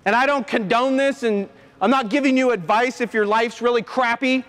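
A man who is a former coach and motivational speaker, telling an emotional personal story to an audience in an earnest, halting way. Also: very high voice, fairly even intonation, fairly bright tone. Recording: long hall reverb.

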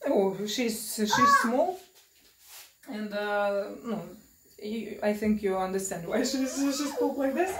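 A young Russian-accented woman films a cooking vlog for her family channel in her home kitchen, speaking casual, broken English with many hesitations, fillers, and restarts. She talks slowly in an animated, mid-range voice. Noise can be heard, and the distant mic picks up an echoey room.

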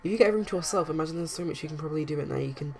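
A woman's voice: deep voice, very fast, vocal fry, darkish tone. Woman narrating as a bold young city woman Sim. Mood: coaxing.

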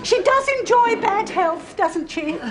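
An actress playing a dotty, polite young nurse in a 1970s TV sitcom, slow and earnest. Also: female voice, very high voice, lively intonation, over a noisy crowd. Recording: loud studio audience laughter, noisy.

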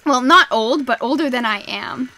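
A young woman chatting casually while streaming a game, excitable and quick to laugh, with sudden shrieks at the game. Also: high-pitched, soft background music. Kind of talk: casual gaming stream chat.

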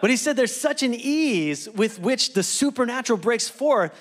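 A man's voice: very high-pitched, lively intonation, moderate pace. A middle-aged man preaching as pastor to his church, upbeat and conversational, with quips and asides between exhortations. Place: church sanctuary.

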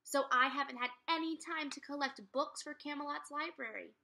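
A kindly, mysterious enchantress who speaks in calm, measured lines, as a woman reads her part. The tone is bright and a little raised. It fits a children's storybook read aloud. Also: sits high, vocal fry, voice pushed up, full character voice. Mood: explaining.

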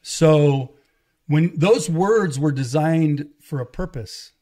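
A man's voice: a little high, slow, warm tone. A middle-aged man sharing his life story in a loose, conversational way, often acting out what people said to him. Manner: loose, conversational, quotes others in dialogue. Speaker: podcast guest, evangelist. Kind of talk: casual testimony storytelling.

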